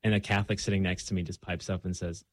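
A man's voice: low-pitched, little pitch movement, quick pace, background noise. A young man speaking as a guest in a casual conversation, earnest and reflective, with frequent fillers.

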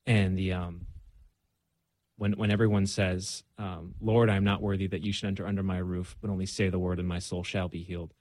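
A young man with a slightly low voice talks earnestly and reflectively, often pausing on fillers. The sound is dry and close, with no room around it. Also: flat delivery, a little mellow, dry recording. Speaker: guest. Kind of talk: casual conversation.

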